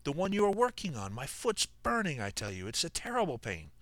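A man voicing a wounded young Civil War soldier in agony, crying out high and strained. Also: wildly swooping pitch, brisk, fairly bright tone, no room sound. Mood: pained.

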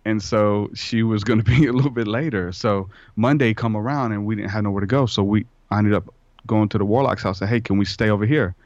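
A man's voice: lowish voice, a little fast, darkish tone, no echo. A man, a podcast guest, telling a rambling personal story in a casual way and acting out the dialogue. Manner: rambling, acts out quoted dialogue. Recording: dull lo-fi sound.

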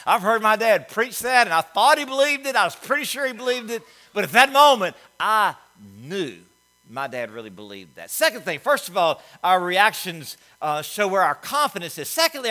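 A middle-aged man preaching a sermon, folksy and animated, telling stories with asides. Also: high voice. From Alabama, US. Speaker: pastor.

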